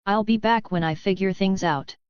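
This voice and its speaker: A woman voicing a resolute but grieving young heroine who speaks softly. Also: medium pitch, moderate pace, smooth, no echo, close to an everyday voice. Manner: soft, trembling. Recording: dull, dry sound.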